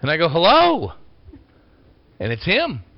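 A man preaching a folksy storytelling sermon, swinging from loud bursts to quiet asides. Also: on the high side, very animated, normal speed. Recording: dull lo-fi sound.

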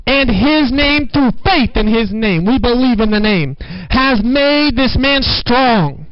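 A man with a very high, smooth voice preaches a fervent sermon, hammering his points home with repeated phrases. The sound is dry and a little dull, as if from a lo-fi recording. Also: expressive, slow pace, no room sound. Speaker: pastor.

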